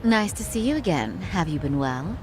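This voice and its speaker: A woman's voice: fairly low pitch, very animated, moderate pace, background noise. An actress playing a composed young woman going undercover as a bar hostess in a video game, polite and dry.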